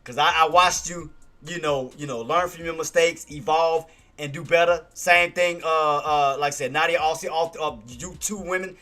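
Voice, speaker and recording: A man recapping trades on a casual livestream, talking to his viewers and giving them repeated, excited shout-outs over music. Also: on the high side, moderate pace. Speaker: stock trading streamer.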